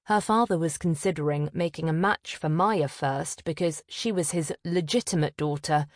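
With a deep voice and a measured storytelling manner, a woman narrates a historical novel as an audiobook reader. The recording is dry and of studio quality.

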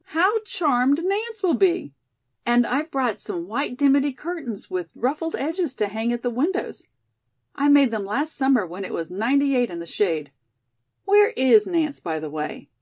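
Eager, impetuous college girl read by a woman; heartfelt, quick to feel, pitched up. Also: lively intonation, darkish tone. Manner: eager and emotional.

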